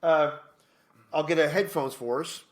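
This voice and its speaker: A man's voice: fairly high pitch, fairly even intonation, unhurried. A man co-hosting a podcast from a home studio, telling rambling stories in casual chat with many fillers and restarts. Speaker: podcast co-host, comedian.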